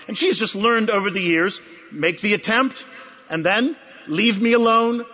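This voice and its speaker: A man's voice: high-pitched, sharp tone. A man preaching a sermon as a pastor, emphatic and repeating his key phrases. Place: large conference hall. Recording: dull recording in a reverberant hall.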